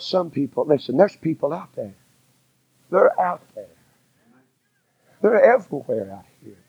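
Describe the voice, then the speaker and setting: A middle-aged man with a Southern American accent preaching a storytelling sermon in a church, folksy and repetitive, swinging between hushed asides and loud emphasis. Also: medium pitch, slightly rough, no room sound, phone-quality sound. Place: church sanctuary.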